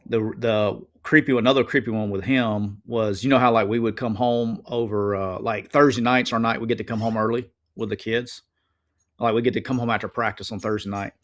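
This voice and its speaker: A man, telling stories in a casual chat as a guest, animated and rambling, often repeating himself. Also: fairly low pitch.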